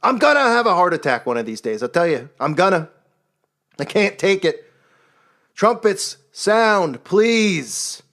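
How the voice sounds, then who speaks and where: A man with a notably high voice rants in an indignant, exasperated way. He delivers religious commentary, swinging between outrage and disbelief. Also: expressive, takes it slowly, a bit bright. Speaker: online commentator.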